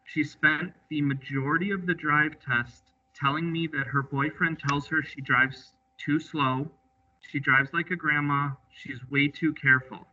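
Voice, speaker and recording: Man telling examiner anecdotes, bright voice. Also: a little high, steady tone, measured pace. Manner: easygoing, recounts with quoted dialogue. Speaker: drive examiner. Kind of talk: storytelling in an interview. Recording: slightly distant, muffled audio.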